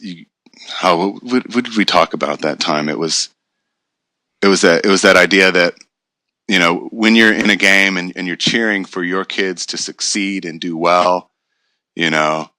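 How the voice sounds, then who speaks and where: A man who coaches youth track, talking about his kids reflectively in a casual podcast conversation, with many pauses and fillers. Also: low-pitched, bright, forceful tone, no room sound.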